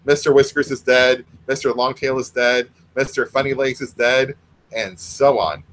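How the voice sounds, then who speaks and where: A man casually reads his own short story aloud, pausing for wry, self-mocking comments. His pitch sits at an average middle level, unhurried, with ums between lines. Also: a bit bright, rough recording. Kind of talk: casual reading with asides.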